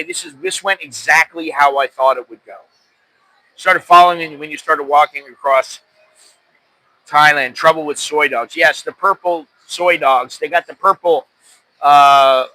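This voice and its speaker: A middle-aged American man hosts a casual podcast, drifting through stories with plenty of self-deprecating asides. His voice is very bright and sits a little high. The sound is dry and close. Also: no room sound, low-quality recording. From United States. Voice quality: rambling, self-deprecating storyteller. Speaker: podcast host. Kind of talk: casual chat.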